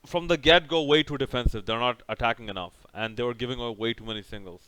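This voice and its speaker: A man's voice: medium pitch, quick pace, fairly bright tone, clear, resonant tone, no room sound. A young man casually recapping a cricket match over by over, rambling and sarcastic, with many restarts. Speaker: cricket reviewer.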